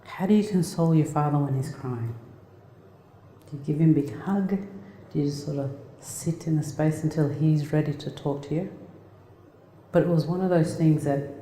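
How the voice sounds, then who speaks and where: A middle-aged woman from Australia giving a personal talk, telling a family story in a plain, halting, reflective way. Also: sits low, warm tone. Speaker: speaker. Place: lecture hall. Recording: echoey hall.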